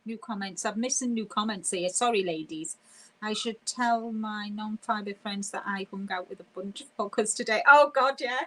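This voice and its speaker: A woman hosting a casual live stream, chatty and quick to laugh as she reads viewer comments aloud. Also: medium pitch, steady tone, rough recording.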